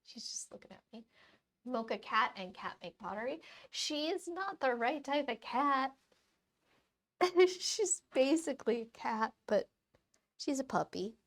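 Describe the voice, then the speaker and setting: A woman's voice: on the high side, animated, moderate pace, a bit bright. A woman art streamer chatting casually and rambling on a live stream while she paints.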